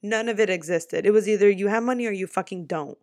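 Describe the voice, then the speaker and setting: A young woman from the United States telling a personal story to her viewers in a casual vlog, animated and quick, swearing freely. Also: mid-range voice, dry recording, studio quality. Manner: animated, swearing, talks fast in bursts. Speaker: vlogger.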